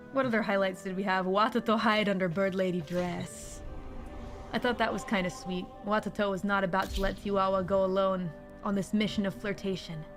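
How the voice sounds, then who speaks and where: A woman streamer casually recapping a tabletop campaign in a playful, giggly, rambling way. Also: medium pitch. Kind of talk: casual recap with acted quotes. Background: music.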